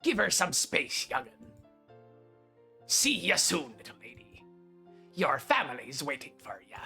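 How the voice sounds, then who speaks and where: A man voicing a gruff older boat captain in a salty, piratey drawl while reading a visual novel aloud. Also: a little high, sing-song, unhurried, sharp tone, soft background music, exaggerated voice.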